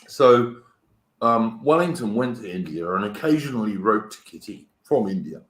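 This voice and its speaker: A man's voice: fairly low pitch, expressive, normal speed, fairly bright tone, reverberant. A British man hosting a casual chat show, telling stories in a chatty way with lots of restarts. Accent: British English. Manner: chatty storyteller with many restarts and stammers. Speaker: podcast host.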